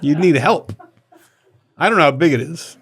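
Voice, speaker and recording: A man's voice: on the high side, lively intonation, moderate pace, a bit bright, slight background noise. A man hosting a podcast in casual comedic chat, rambling and laughing as he tells a story. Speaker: podcast host.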